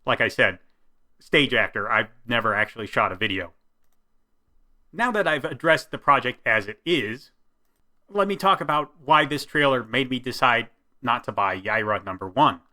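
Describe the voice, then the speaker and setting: Bright-voiced man giving measured critique. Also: mid-range voice, lively intonation. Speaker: commentator, stage actor. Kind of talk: commentary vlog.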